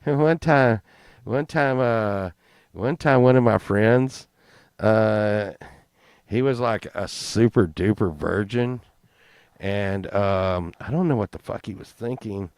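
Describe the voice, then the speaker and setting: A man's voice: lowish voice, slow pace, darkish tone, clear, resonant tone, no room sound, clean studio sound. A man telling a crude comic story in a rambling, profane, casual way, laughing along. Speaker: podcast host.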